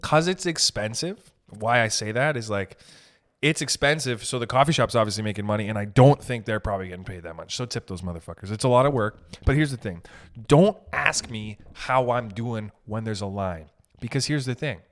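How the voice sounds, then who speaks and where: A man ranting casually as a podcast host, profane and animated, swinging between loud bursts and muttered asides. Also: on the low side, a little fast. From raised in an Italian family. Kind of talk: casual comedic rant.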